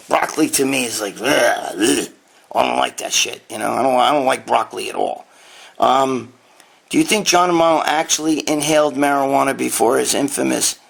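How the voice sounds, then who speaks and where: A man's voice: mid-range voice, creaky, a bit bright, slightly rough. A man hosting a casual live Q&A from his dining room, talking bluntly and profanely into a handheld phone. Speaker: host.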